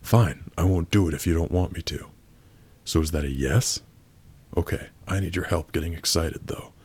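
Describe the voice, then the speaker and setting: Brief: man, extremely low and raspy voice, blunt, crude prank-chat delivery. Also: normal speed, a little mellow. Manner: blunt, crude and abrasive, with sudden outbursts. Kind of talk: crude prank role-play reading a chat aloud.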